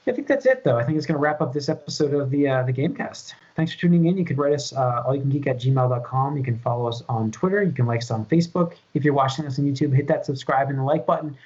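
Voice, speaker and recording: A man's voice: mid-range voice, fast talker, hardly any pauses, a little mellow, breathy edge. A man hosting a casual gaming podcast, easygoing and rambling as he searches for his next point. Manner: easygoing, loses his train of thought. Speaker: podcast host. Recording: dull lo-fi podcast audio.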